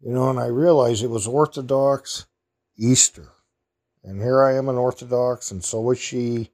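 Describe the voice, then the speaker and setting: A man telling a personal story in a rambling, heartfelt way, in an everyday mid-pitched voice. He talks casually and openly. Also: steady tone, normal speed, a little mellow.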